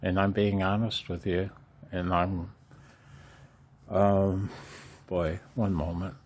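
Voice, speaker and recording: An older man in an earnest, halting personal vlog, emotional, with rueful laughs between his words. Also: low voice, level tone, a little mellow. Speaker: amateur radio vlogger.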